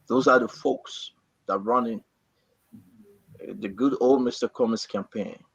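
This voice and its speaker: A man hosting a talk show, giving impassioned, repetitive political commentary in a husky, gravelly voice. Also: medium pitch, measured pace, dry recording. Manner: repetitive, rising to animated outbursts. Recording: dry, dull lo-fi audio.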